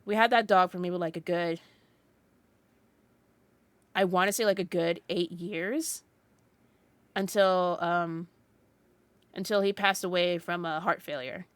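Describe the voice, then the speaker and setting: A young woman with a fairly low voice chats casually on a podcast. She rambles through her story, filling it with "like" and starting sentences over. The sound is dry, with little room. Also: fairly even intonation, measured pace, long pauses, smooth, no room sound. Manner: rambling storytelling with many "like" fillers and restarts. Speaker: podcast co-host.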